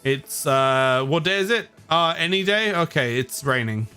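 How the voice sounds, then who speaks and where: A man's voice: fairly high pitch, animated, a little slow, pushed and bright, clean tone, faint music behind. A man with an English accent, from the United Kingdom, chatting casually on a live stream, tired, rambling and often chuckling at himself.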